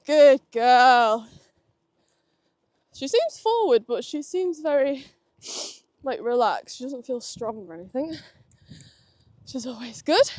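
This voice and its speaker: High-voiced woman chatting on horseback. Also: a little mellow, dry recording. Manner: chatty, keeps praising her horse. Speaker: equestrian vlogger. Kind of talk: casual commentary while riding. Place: outdoor riding arena at a stable yard.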